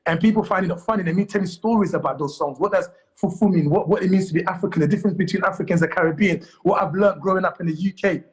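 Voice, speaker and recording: A man from Congo, a comedian and guest in a studio interview, telling anecdotes in a lively way. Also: high-pitched, rapid-fire, hardly any pauses.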